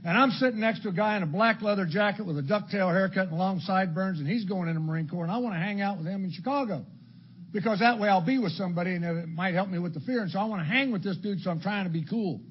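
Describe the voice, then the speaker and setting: An older man from Illinois sharing his story at a recovery meeting, blunt and crude, with dark humor. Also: high voice, fast, slightly rough. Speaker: AA speaker. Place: meeting hall before an audience. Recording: dull lo-fi talk recording with faint background noise.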